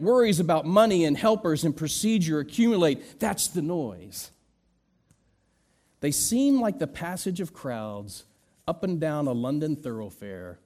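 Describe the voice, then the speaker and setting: A middle-aged man preaching from the pulpit in a fairly high voice. He takes his time, letting phrases sink low and quiet before rising into emphatic, raised peaks. Now and then he turns to gentle self-deprecating humor. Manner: slow and dynamic, swinging from soft low drops to raised emphatic peaks. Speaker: pastor. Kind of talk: sermon.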